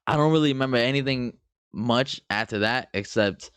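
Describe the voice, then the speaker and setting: A young man co-hosting a podcast, telling a story in casual chat, animated and swearing freely as he acts out scenes. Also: medium pitch, moderate pace, clean tone, dry recording. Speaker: podcast co-host.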